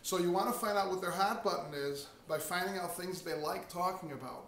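A man's voice: sits high, brisk, a bit bright. A man giving a casual lesson on real estate phone skills, talking conversationally and acting out sample phone lines. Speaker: real estate investing teacher. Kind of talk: casual instructional talk. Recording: echoey room from a distance, faint noise.

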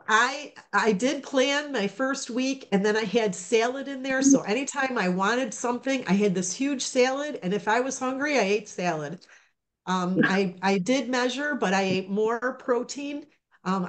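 A woman giving a casual testimonial over a video call, talking in a halting, rambling way with many restarts. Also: medium pitch.

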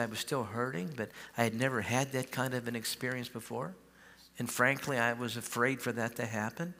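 A man pastor telling a healing story in a sermon, acting out the dialogue and calling on the crowd to shout. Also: mid-range voice, gravelly. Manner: animated, acts out quoted dialogue, calls for shouts. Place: large church hall. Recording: live church hall with long reverb.

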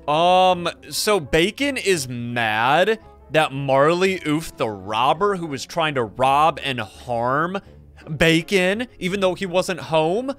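High-pitched young man, lively animated gaming commentary, faint background music. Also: slow. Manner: excitable, jokey narration with reactions. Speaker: gaming YouTuber. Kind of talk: Let's Play commentary.

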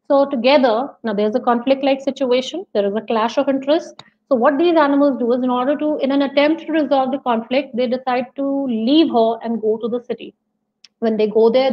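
A woman leads a teacher-training webinar, talking through her points patiently with plenty of fillers and restarts. Her voice sits high. The audio is dull and lo-fi, like a video call. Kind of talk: webinar lecture.

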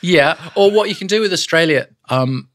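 A man, an audiobook narrator and voice actor, chatting as a guest in a studio interview and telling animated stories with quick character voices. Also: fairly high pitch, dry recording. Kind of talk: casual studio interview chat. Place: podcast studio. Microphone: studio microphone.

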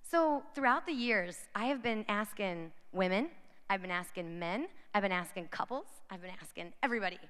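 A woman's voice: medium pitch, lively intonation, moderate pace, a bit bright, clear, resonant tone. A woman giving an inspirational talk to young women at a conference, chatty and constantly checking in with the crowd. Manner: chatty, addresses the crowd directly with frequent "right?". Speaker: conference speaker. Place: large conference hall. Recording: long hall reverb from a large venue.

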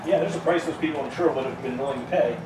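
A man's voice: a little high, racing. A man with a mid-range voice who breaks in with short, agreeing remarks during a casual conversation. He sounds far from the mic in an echoey space with heavy ambient noise. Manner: brief agreeing interjections. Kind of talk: casual chat.

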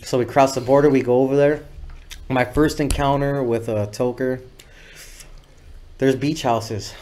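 A man's voice: mid-range voice, fairly even intonation, unhurried, darkish tone. A man telling a loose, profane story as a podcast guest, often acting out what others said. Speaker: guest videographer. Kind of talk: casual storytelling interview.

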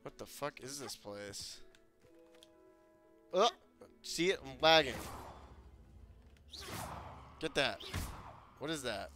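A man casually commenting while playing a video game, excitable, swearing often, laughing and breaking into sudden loud outbursts. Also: mid-range voice, takes it slowly, pauses often, faint music behind.

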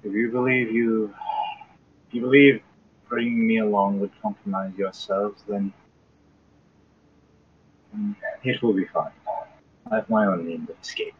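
A man's voice: on the low side, fairly even intonation, unhurried, long pauses, narrow, tinny audio, a little hiss or hum, close to an everyday voice. A man voicing a guarded captive man in a tabletop game, speaking curtly.

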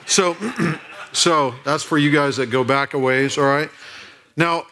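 A man's voice: a little high, steady tone, takes it slowly, sharp tone. A man in his forties, a pastor telling a humorous story in a sermon and asking the crowd questions. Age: 40s. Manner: playful, jokey, asks the crowd questions. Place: church auditorium.

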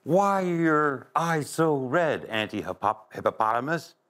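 A man's voice: fairly high pitch, lively intonation, a little slow, a bit bright, pitched above the performer's own voice. A man voicing a curious young male elephant calf who keeps asking eager questions.

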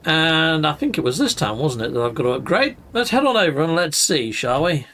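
A man's voice: a little high, very animated, a little fast, bright, forceful tone. A man hosting a casual let's-play, chatting and thinking aloud as he plays. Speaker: gaming channel host.

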